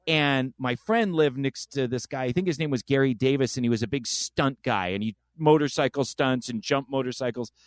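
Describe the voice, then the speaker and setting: A man's voice: medium pitch, smooth, dry recording. Podcast guy telling a wild story, acts out the voices, pretty dry sound. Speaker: podcast host. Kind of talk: casual chat.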